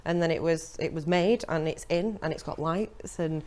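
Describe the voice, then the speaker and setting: Low-pitched woman, chatty radio guest, stop-start delivery. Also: a little mellow, a little hiss or hum. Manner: chatty, halting, many fillers. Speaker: theatre front of house coordinator, guest. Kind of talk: casual radio chat.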